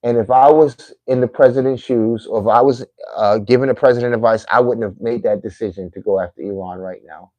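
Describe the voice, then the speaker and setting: Middle-aged man, mid pitch, earnest sermon-like talk to camera viewers, dead dry sound. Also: fairly even intonation, brisk, hardly any pauses, no room sound, highs cut off. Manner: preachy, emphatic, repetitive phrasing. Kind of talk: heartfelt monologue to viewers.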